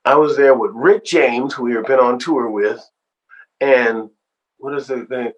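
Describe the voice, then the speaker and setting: A man, a singer-songwriter, being interviewed and telling stories in an animated, expressive way. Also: mid-range voice, unhurried, dull audio. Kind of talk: storytelling interview.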